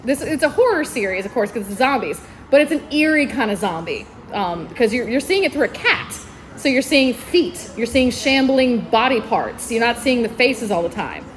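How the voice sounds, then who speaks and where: A woman's voice: fairly high pitch, sing-song, normal speed, slight background noise. A woman librarian giving enthusiastic book recommendations at a convention panel, laughing often as she talks. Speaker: librarian presenting book picks.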